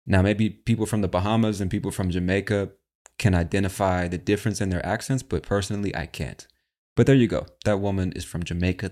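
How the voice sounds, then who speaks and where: Very low-pitched American male host, casual and slangy, playful teasing. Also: brisk, darkish tone. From United States. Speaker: podcast host. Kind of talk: casual chat.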